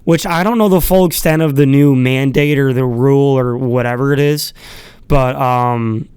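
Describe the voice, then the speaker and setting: A podcast host delivers a rambling, casual solo monologue in a smooth, medium-pitched, darkish voice at normal speed with no echo. He's irreverent, packing his talk with fillers, chuckling asides, and free swearing.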